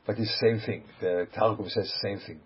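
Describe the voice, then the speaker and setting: A man's voice: on the low side, fairly even intonation, fairly quick, slightly rough. A man teaching a Torah lecture, emphatic, asking rhetorical questions and mixing in Hebrew and Yiddish phrases. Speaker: rabbi teaching. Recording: dull hum-laden recording.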